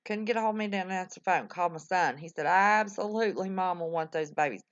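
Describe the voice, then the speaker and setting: A woman's voice: on the low side, quick pace, lo-fi sound. An older woman, chatting folksily with her livestream viewers, full of exclamations. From West Virginia. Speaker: livestream host. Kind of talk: casual chat with live viewers.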